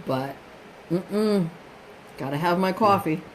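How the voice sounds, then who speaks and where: A woman's voice: lowish voice, slow, a little hiss or hum, low-quality recording. Teasing older woman with New York accent. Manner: teasing, laughs often, loud bursts. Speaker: guest, host's mother. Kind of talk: casual chat on a livestream.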